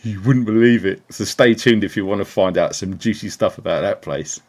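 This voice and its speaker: A man's voice: lowish voice, normal speed, darkish tone. Chatty upbeat man hosting a livestream. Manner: chatty, upbeat, reads out viewer names with many ums. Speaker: livestream host. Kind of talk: casual live-stream chat. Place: indoors at a computer. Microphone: small desk mic on keyboard.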